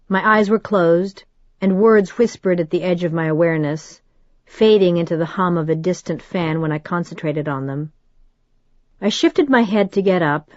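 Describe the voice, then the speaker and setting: A woman reading a first-person audiobook in a measured, steady storytelling manner. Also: lowish voice, dry recording, muffled recording. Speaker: audiobook narrator.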